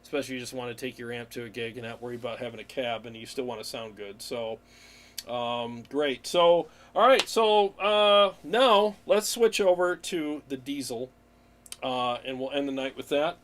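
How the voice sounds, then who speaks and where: A man's voice: mid-range voice, normal speed, a little hiss or hum. A man hosting a live amp Q&A stream, talking casually and enthusiastically with many fillers and restarts. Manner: reads viewer comments aloud and laughs along.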